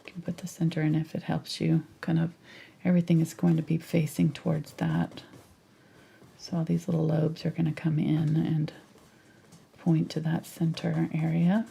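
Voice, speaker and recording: A woman leads a live painting lesson with a gravelly edge and a fairly low, mellow voice. She talks her thoughts through as she paints and slips into hushed, near-whispered asides. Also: monotone, moderate pace. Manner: thinks aloud while painting, chatty with fillers. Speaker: painting instructor.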